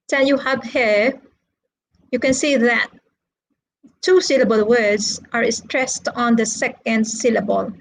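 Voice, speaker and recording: Female online English teacher; slow, deliberate delivery, repeats words to model syllable stress. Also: on the high side, low-quality recording. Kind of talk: online classroom lesson.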